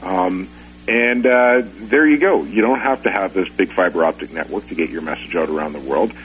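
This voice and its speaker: A man hosting a radio talk show, speaking in a halting way with many fillers and restarts. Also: low-pitched, slight background noise, poor audio. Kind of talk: casual talk-radio conversation.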